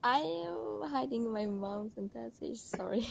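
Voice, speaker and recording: A woman's voice: expressive, gravelly, crowd noise. Hesitant woman on muffled call audio. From Azerbaijan. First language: Azerbaijani. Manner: slow, hesitant, many pauses and fillers. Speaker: student. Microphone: video call. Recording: dull lo-fi call audio with faint rumble.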